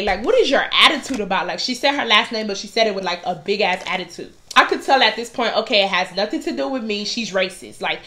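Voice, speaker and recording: A young woman vlogger telling a work story in a casual, animated and profane storytime monologue, often getting loud for emphasis. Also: mid-range voice.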